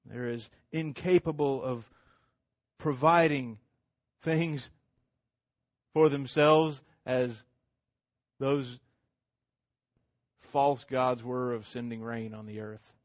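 A middle-aged man preaching a sermon as pastor, swinging between loud emphatic lines and hushed ones, with much repetition. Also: medium pitch, steady tone, takes it slowly, pauses often, dry recording, lo-fi sound.

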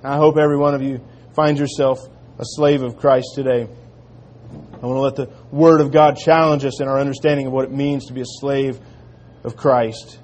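A man preaching a sermon in an earnest manner, dropping to quiet, slow emphasis on key lines. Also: medium pitch. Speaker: pastor.

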